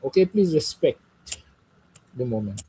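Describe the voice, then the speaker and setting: A man's voice: medium pitch, sing-song, a little slow, warm tone, a little hiss or hum, low-quality recording. A man hosting a live call-in radio show, firm and polite as he gives plain instructions to listeners.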